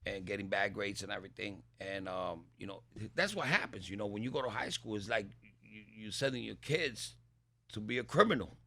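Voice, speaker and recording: A middle-aged man, a boxer's father and trainer, telling stories in an animated way and acting out the voices of the people in them. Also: lowish voice, fairly quick, creaky. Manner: lively, acts out what people said in raised voices. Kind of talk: animated storytelling in a chat.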